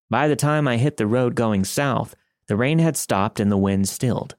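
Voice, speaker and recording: A man narrating a first-person horror story in a steady, wry manner, recorded on a studio microphone. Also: mid-range voice, no echo.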